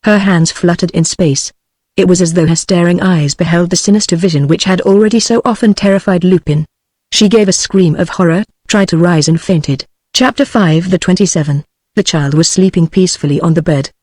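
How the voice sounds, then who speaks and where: A synthetic British woman's voice narrating an audiobook in an even, measured way. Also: fairly low pitch, dry recording. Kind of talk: text-to-speech book reading.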